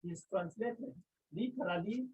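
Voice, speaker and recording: A teacher giving a class lecture, speaking slowly and deliberately and sounding out words syllable by syllable, with questions put to the class and then answered. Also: medium pitch, darkish tone. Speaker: Greek teacher. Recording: tinny phone-like online class audio.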